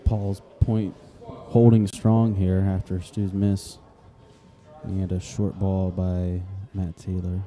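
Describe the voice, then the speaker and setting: A man calling a live bocce match as play-by-play commentator, talking in a hushed golf-style voice and often repeating himself for effect. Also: sits low, little pitch movement, slow.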